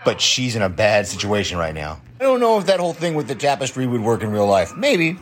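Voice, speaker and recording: A man's voice: medium pitch, huge pitch swings, quick pace. A man leaving a voicemail with a chatty running commentary on a film, chuckling often as he reacts. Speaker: listener sending a voicemail.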